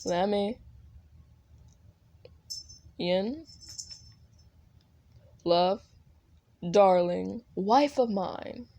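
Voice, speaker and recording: A woman voicing a possessive male TV-headed demon overlord in a fan audio role-play, talking in a smooth, coaxing, controlling way. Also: mid-range voice, drawn-out words, pauses often, warm tone. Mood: doting.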